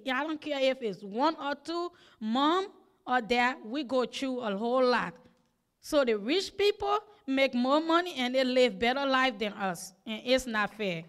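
A woman's voice: high voice, fairly bright tone. A woman who grew up in the United States, a single mother giving earnest, pleading public comment at a hearing.

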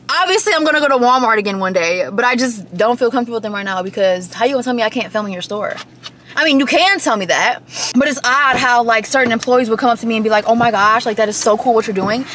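Young woman vlogger rambling and joking, kinda high voice. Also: fairly bright tone, slight background noise. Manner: chatty, joking storyteller. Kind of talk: casual chat.

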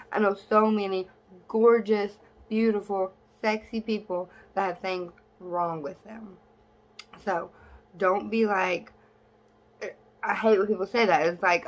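A young woman vlogging in a casual, blunt and sassy way, cursing freely, with her voice jumping high when she is exasperated. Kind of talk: casual talk to camera.

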